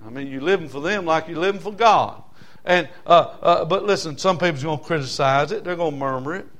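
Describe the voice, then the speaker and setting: A man's voice: fairly high pitch, a little fast, fairly bright tone. A male pastor, preaching a folksy, humorous, emphatic sermon to a congregation in church.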